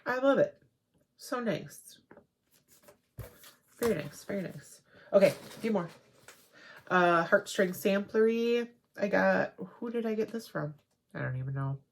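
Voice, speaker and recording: A woman hosting a crafting video, chatting casually and rambling excitedly as she shows off her haul. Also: mid-range voice, a little slow, long pauses, a little hiss or hum. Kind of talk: casual show-and-tell haul.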